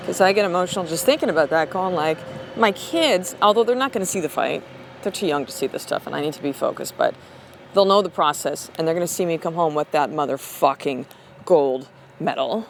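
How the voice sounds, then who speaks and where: A woman's voice: deep voice, lively intonation, background noise. A woman in her thirties, a mother hosting her show, giving a blunt, profane motivational talk. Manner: blunt, profane, fast and emphatic. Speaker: podcast host and mother. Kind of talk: motivational monologue.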